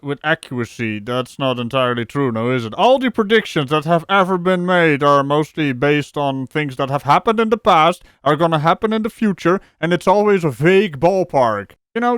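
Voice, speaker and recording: Man, sarcastic commentary host, ranting and jokey, fairly high voice, very lively intonation. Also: clean tone, no room sound. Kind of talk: mocking comedic commentary.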